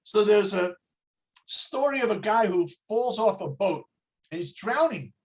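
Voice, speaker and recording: A man's voice: sits high, lively intonation. A man teaching a religious class over a video call, telling jokes and asking rhetorical questions. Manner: slow, storytelling, rhetorical questions.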